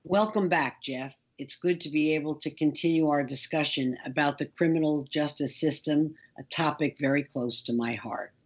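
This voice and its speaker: A woman hosting an interview who talks slowly and hesitantly, with many fillers. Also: low-pitched, dull audio. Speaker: interview host.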